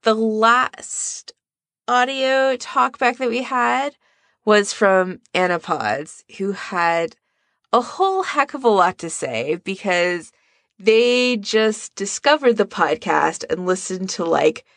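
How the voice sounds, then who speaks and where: A woman's voice: medium pitch, lively intonation, slow, fairly bright tone, no echo, studio quality. A woman hosting a podcast, chatting casually about fan audio recordings and laughing often. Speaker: podcast host.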